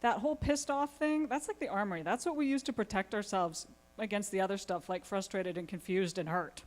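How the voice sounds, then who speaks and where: Animated woman speaker quizzing her audience. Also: medium pitch, fairly quick. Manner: animated, asks the audience many questions. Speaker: conference speaker, family therapist. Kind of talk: lively conference talk to an audience. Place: conference hall.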